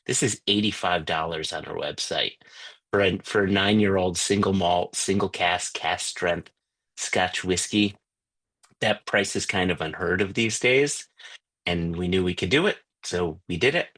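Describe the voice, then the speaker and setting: Guy hosting a tasting on a video call, lowish voice, rambly and relaxed, lots of ums. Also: measured pace. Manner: chatty, loose, with many fillers and restarts. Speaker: whisky tasting host. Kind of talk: casual online tasting talk.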